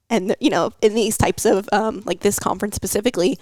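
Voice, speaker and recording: Young woman coach, open and emotional, halting speech, dry close sound. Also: mid-range voice, fairly even intonation, a little mellow, dry recording. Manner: candid, emotional, halting with fillers. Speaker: health coach. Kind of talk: personal podcast talk.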